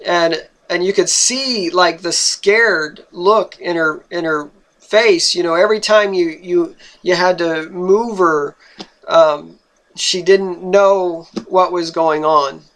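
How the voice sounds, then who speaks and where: A young man telling a personal story in an earnest, halting way, often repeating words and restarting. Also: high voice, a bit bright.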